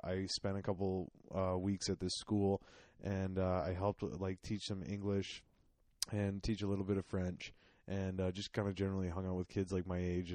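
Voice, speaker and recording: A man's voice: low voice, warm tone, no echo. A man co-hosting a casual comedy podcast, telling rambling stories and laughing often. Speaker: podcast co-host.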